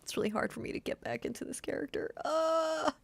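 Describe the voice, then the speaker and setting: A woman's voice: high voice, fairly quick, gravelly, no room sound. A woman voice actor giving casual behind-the-scenes comments, frank and self-mocking, swearing a lot.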